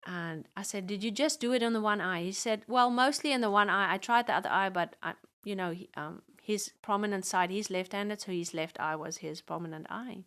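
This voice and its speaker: Middle-aged woman telling a church testimony, acts out what everyone said, voice neither high nor low. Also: brisk, few pauses, fairly bright tone. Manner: acts out quoted dialogue in the story. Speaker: guest sharing a testimony. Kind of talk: storytelling testimony.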